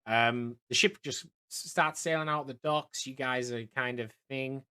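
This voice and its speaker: A man's voice: medium pitch, measured pace, pushed and bright, smooth. A man narrating a tabletop game as game master, rambling with many fillers and restarts.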